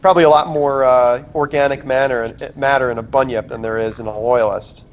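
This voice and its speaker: A man at a tabletop game bargains in character, hesitating often and filling pauses with um and uh. His voice is mid-pitched and plain. A faint hiss sits behind him. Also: steady tone, poor audio. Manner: hesitant, negotiating, many fillers. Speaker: player.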